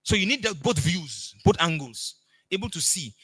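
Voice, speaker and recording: A man's voice: high-pitched, animated, normal speed, sharp tone, breathy edge, no echo. A middle-aged man with a Nigerian accent, giving a motivational coaching talk and acting out the people in his stories. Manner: storytelling, emphatic, acts out dialogue.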